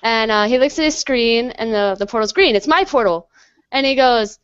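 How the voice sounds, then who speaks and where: Animated young woman telling a story. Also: a little high, moderate pace, clean tone, no room sound. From USA. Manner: animated storyteller acting out dialogue. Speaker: guest. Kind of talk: casual interview chat. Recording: dull lo-fi online call audio.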